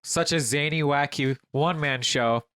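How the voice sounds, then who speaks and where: A man's voice: fairly high pitch, moderate pace, fairly bright tone, clean tone, no room sound. A man co-hosting a comedy podcast, reacting with short dry quips. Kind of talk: casual banter.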